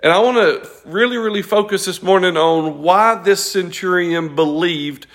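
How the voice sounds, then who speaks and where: High-voiced man preaching a sermon. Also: normal speed, fairly bright tone. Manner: earnest, conversational, self-correcting. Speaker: pastor.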